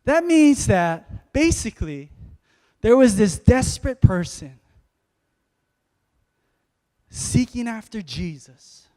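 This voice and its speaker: A man preaching a sermon to a congregation, calling out to them and building to loud exhortations. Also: high voice, very animated, a little slow, big-room sound. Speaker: pastor.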